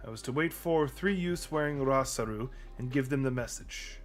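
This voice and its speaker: A man's voice: mid-range voice, faint music behind, lightly acted. Man doing a solemn priestess with a Russian accent. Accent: put-on Russian. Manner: slow and formal. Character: solemn young priestess, formal, measured.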